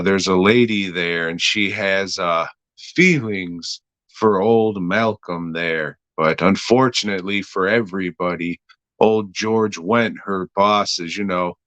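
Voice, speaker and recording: Man, slow crude rambling review, low voice, dry sound. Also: a bit bright, dry recording. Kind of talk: casual podcast review.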